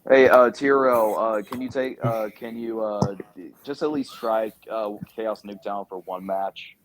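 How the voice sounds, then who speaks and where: Young male guest, fast comebacks, a bit low-pitched. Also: steady tone, crowd noise, rough recording. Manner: defensive trash talk, rapid comebacks. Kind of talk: casual gaming stream chat.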